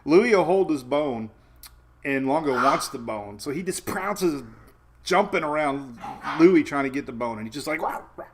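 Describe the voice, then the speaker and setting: A man's voice: fairly high pitch, animated, normal speed, noisy background. A man hosting a casual weather livestream from home, chatty and laughing often while his dogs run around.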